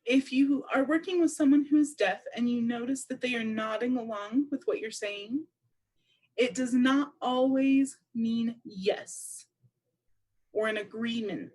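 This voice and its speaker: A woman with a somewhat high voice gives spoken English to a deaf presenter's signing at a seminar. She talks in a steady, measured way, laying out each point clearly. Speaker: sign language interpreter voicing a deaf presenter.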